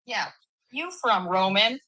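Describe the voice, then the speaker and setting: A woman's voice: medium pitch, expressive, slow, sharp tone, poor audio. A woman speaking on a panel in a heated online debate, blunt and dismissive.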